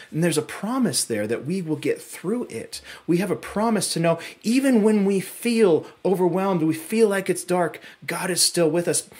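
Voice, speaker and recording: A man with a husky, breathy voice delivers a sermon at a church service. He moves between quiet, low phrases and rising, urgent emphasis, with pauses between short phrases. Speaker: pastor.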